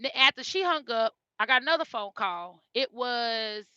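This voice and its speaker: Woman, heartfelt storytelling, repeats herself a lot, very bright tone, dry close sound. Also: a little high, lively intonation, moderate pace, no echo. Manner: repeats phrases, earnest and heartfelt. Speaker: mother telling her family's story. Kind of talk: emotional personal storytelling. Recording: dull lo-fi recording.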